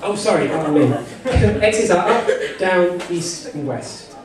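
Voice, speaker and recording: A man's voice: high-pitched, lively intonation, a little slow. A man running a live text-adventure game for a convention audience, rambling and joking with lots of "you know" asides. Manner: jokey and rambling, full of "you know" asides, laughing often. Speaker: game master. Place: convention panel room with an audience. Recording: echoey hall, far from the mic, crowd noise.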